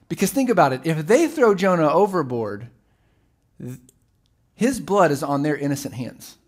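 A middle-aged male pastor delivers a sermon with a slightly high, lively voice. He tells the story vividly and acts out the voices of the people in it. His delivery keeps rising and falling. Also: moderate pace, pauses often, husky.

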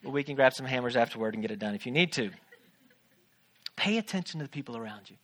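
Bright-voiced pastor man preaching. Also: medium pitch, lively intonation, fast talker. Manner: conversational, joking, asks the congregation questions. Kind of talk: sermon. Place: church stage.

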